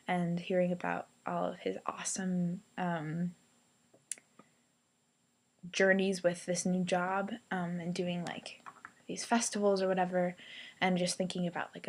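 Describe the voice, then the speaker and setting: Chatty young woman telling her day. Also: on the low side. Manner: chatty, excited, many "like"s and "um"s. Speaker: vlogger. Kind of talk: casual storytelling vlog. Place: youth hostel hangout space.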